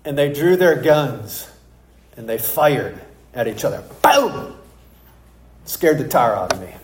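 A pastor reading scripture and then preaching a sermon, telling stories in an emphatic, animated way. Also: male voice, mid-range voice, normal speed. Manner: storytelling, emphatic and animated in anecdotes. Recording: roomy echo.

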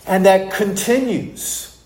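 A man with a slightly high voice preaches a sermon, reading scripture and then telling stories with emphatic, animated delivery. The sound rings out with a roomy echo, as in a church sanctuary. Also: takes it slowly. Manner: storytelling, emphatic and animated in anecdotes. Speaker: pastor.

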